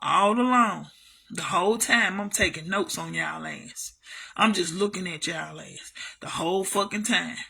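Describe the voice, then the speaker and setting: A woman's voice: on the low side, a little slow, vocal fry, sharp tone, breathy edge. A woman telling a story to her camera in a casual monologue, blunt and heavily profane, repeating herself for emphasis. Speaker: vlogger.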